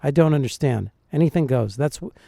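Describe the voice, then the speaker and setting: A man, a dialect coach, reacting to film clips and thinking aloud in a puzzled, animated way. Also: medium pitch, fairly quick, gravelly, dry recording. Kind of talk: reaction commentary.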